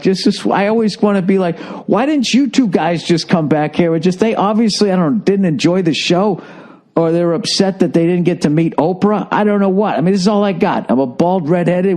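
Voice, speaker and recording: A man's voice: high voice, darkish tone. A middle-aged man ranting profanely in a casual comic monologue, repeating words as he builds up steam. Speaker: podcast host.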